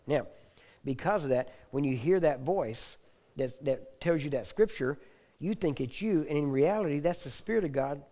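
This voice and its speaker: A man teaching a sermon, often checking in with his listeners and clearing his throat now and then. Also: medium pitch, mellow. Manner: repetitive, asks the audience for agreement. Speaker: preacher.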